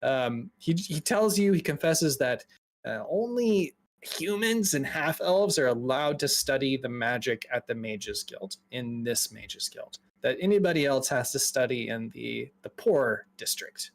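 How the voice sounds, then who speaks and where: A man's voice: mid-range voice, expressive, unhurried. A man running a tabletop game as dungeon master, narrating casually with many fillers.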